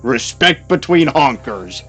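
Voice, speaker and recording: Guy playing a text game and reading it out, dry jokey asides, middle-pitched voice, soft game music behind. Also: very animated, slow. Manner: wry, chuckling asides. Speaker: game player. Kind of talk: reading a game's narration aloud while playing.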